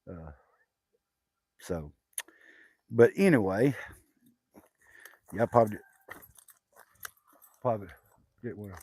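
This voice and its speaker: Outdoors on his rural homestead, an older man from Southwest Arkansas with a Southern accent livestreams, reading comments and rambling casually with lots of fillers and restarts. His lowish, dark, slightly rough voice is expressive and slow, with frequent pauses, in a dry recording.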